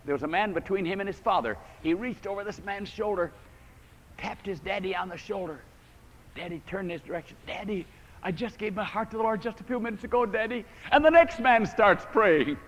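A man preaching a storytelling sermon to a congregation, acting out the voices in the story with big swings from hushed to loud. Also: sits high, very animated, normal speed. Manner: dramatic, acts out quoted voices with big swings in volume. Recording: echoey hall recording.

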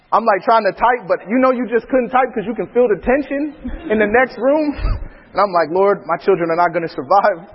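A man who is a preacher, telling funny family stories in a laughing, animated way. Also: sits high, normal speed, big-room sound, muffled recording, a little hiss or hum. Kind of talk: storytelling in casual talk.

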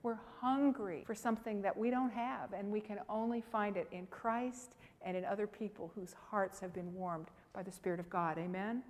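A woman's voice: mid-range voice, normal speed, few pauses. Emphatic woman presenter in a hall. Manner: emphatic, animated, talks to the audience directly. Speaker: health seminar presenter. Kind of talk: lively teaching with personal stories.

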